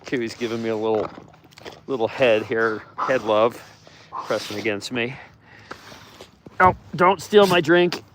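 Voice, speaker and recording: With slight background noise behind him, this man talks a little slowly in a medium pitch, leaving long pauses. He looks after wolves at a sanctuary and, on a casual live walk through their outdoor enclosure, coos at the animals affectionately while answering viewer questions.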